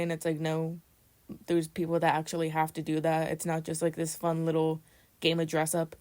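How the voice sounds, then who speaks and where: A young woman co-hosting a podcast, introducing topics and talking in a relaxed way during casual chat. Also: sits low, normal speed, smooth. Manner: relaxed, laughs often, summarizes topics. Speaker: podcast co-host.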